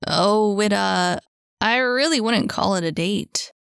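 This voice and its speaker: A blunt, offhand young man, read by a woman narrator. She drops her voice a little for him and keeps it unhurried and dry. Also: mid-range voice, creaky, a bit bright, clear, resonant tone, no echo. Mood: casual.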